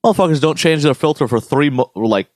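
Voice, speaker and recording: A man's voice: on the high side, fast, no echo, clean studio sound. A young man co-hosting a podcast, talking casually and ranting with lots of swearing. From United States. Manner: profane, ranting, animated storytelling. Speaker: podcast co-host. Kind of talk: casual chat.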